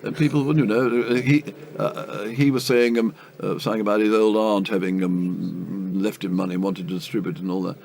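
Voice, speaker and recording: An older Englishman with a gravelly, creaky voice tells stories as an interview guest. He hesitates with ums and uhs and chuckles his way through anecdotes, over a faint background hum. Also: fairly low pitch, fairly even intonation, fairly quick, hardly any pauses, a little mellow. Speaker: cricket commentator, interview guest.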